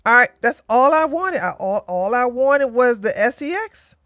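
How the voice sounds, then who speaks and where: Speaking at a moderate pace, a livestream host in her forties tells stories and comments casually, bluntly and jokingly. Her fairly high, fairly bright voice is expressive, captured as clean studio sound without any room sound.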